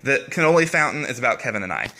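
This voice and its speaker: A man's voice: mid-range voice, animated, rapid-fire, bright, forceful tone. A young man vlogging straight to camera in casual talk, emotional and upset, swearing often and restarting his sentences. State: upset, shaken. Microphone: camera mic, face-to-face video.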